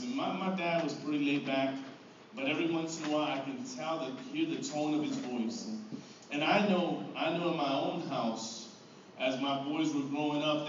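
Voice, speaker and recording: Echoey far-off male pastor preaching. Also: on the high side. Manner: earnest, repeats words and restarts phrases. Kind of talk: sermon. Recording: echoey room from far off, dull sound, faint noise.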